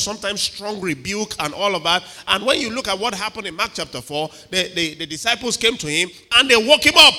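Man, preacher, high voice, very bright, dramatic sermon, echoey hall. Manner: animated, dramatic, acts out quotes, asks the crowd "are you with me". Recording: reverberant hall.

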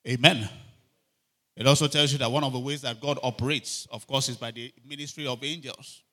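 A man preaching a sermon, telling animated stories and calling for amens. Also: medium pitch, brisk. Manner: animated storytelling, shouting quoted cries, frequent calls for amen. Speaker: pastor.

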